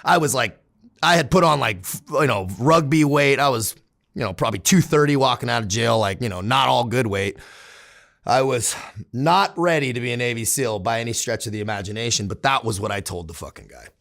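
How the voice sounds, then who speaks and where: Gravelly, profane man telling stories. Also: medium pitch, brisk, a bit bright. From San Diego, United States. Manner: profane, candid, laughs while telling. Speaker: interview guest. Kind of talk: casual storytelling.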